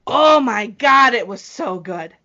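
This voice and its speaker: A woman's voice: fairly high pitch, animated, slow, pushed and bright. A woman hosting a podcast, chatting casually and gushing with enthusiasm. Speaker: podcast host. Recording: muffled lo-fi podcast audio.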